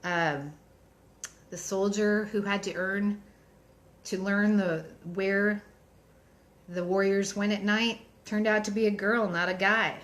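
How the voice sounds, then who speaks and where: A woman's voice: mid-range voice, steady tone, takes it slowly, long pauses, a bit bright. A woman author in a casual live-streamed book chat, chatty and enthusiastic, reading out book titles between frequent ums.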